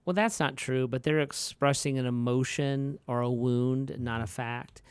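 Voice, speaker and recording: A man's voice: fairly even intonation, a little slow, smooth, no room sound. A man, a pastor co-hosting a podcast, chatting casually and acting out quotes from his stories. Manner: storytelling, acts out quotes in a higher voice.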